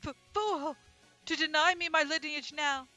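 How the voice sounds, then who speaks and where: A woman's voice: high voice, moderate pace, pushed and bright, soft background music, pitched above the performer's own voice. A woman voicing a proud, haughty young male pigeon aristocrat in a dating game, speaking indignantly. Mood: distressed.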